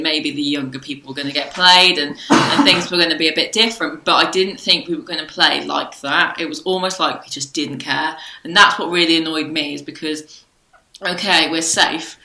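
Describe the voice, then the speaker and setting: A woman's voice: deep voice, fairly even intonation, a little fast, sharp tone. A woman co-hosting a casual podcast chat, earnest, with hesitant restarts. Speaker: podcast co-host. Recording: echoey room.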